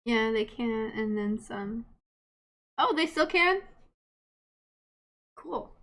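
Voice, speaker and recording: A woman in her late twenties, a streamer telling stories in casual chat, animated, laughing often and swearing freely. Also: on the high side, takes it slowly, a little hiss or hum. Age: late 20s.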